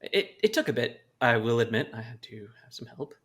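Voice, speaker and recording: A man role-playing his character at a tabletop game, friendly and eager to chat. His voice swings up and down a lot, lively and expressive, as he talks at a steady pace. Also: medium pitch, a little fast. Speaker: player.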